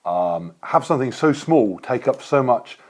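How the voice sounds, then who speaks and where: A man's voice: mid-range voice, animated, a little slow, darkish tone. A man hosting a casual vlog, chatting playfully while taste-testing food. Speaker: vlogger host.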